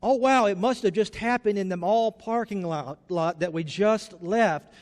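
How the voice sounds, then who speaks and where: Pastor voicing a flustered, defensive husband; high voice, stammering excuses, long chapel reverb. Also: male voice, a little slow. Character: flustered middle-aged husband making excuses.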